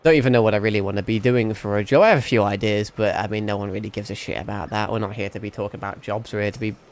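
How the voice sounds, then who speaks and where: A man's voice: on the low side, steady tone, very fast. A young man with a mixed northern English accent, chatting casually to his livestream while gaming, rambling, swearing and laughing often. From England. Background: faint background music.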